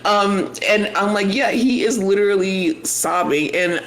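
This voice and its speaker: A man's voice: high-pitched, unhurried. A man co-hosting a casual podcast, telling stories with lots of acted-out quotes and slang. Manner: animated storytelling, acts out quoted voices. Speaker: podcast co-host. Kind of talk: casual chat.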